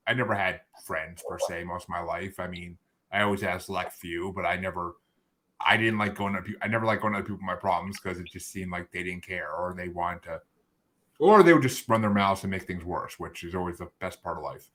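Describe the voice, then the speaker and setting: A man's voice: deep voice, fairly quick, bright, forceful tone. A man hosting a podcast interview, talking casually in rambling, self-interrupting runs with sarcastic asides. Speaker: podcast host.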